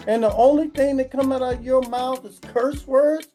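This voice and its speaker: A woman's voice: sits high, fairly even intonation, normal speed, hardly any pauses, warm tone, soft background music. A woman vlogger delivering a profane comedic rant, swearing constantly and acting out the people she complains about. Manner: crude, swearing, acts out quoted voices.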